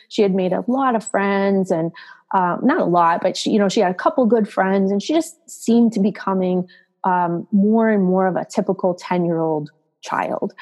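A woman's voice: darkish tone, rough recording. A middle-aged woman, a mother, recounting a personal story as an interview guest, tearful and emotional, raising her voice to act out quoted dialogue. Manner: emotional, acts out quoted dialogue with raised pitch.

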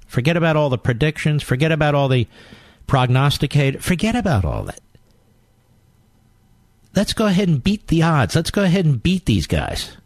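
This political talk radio host is a man whose voice sits on the high side, with no echo. He rallies listeners through a combative monologue full of emphatic rhetorical questions.

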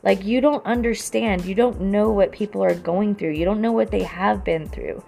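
A woman's voice: mid-range voice, moderate pace, gravelly, a little mellow. A young adult woman in a casual, rambling monologue, earnest and heavy on "you know" fillers.

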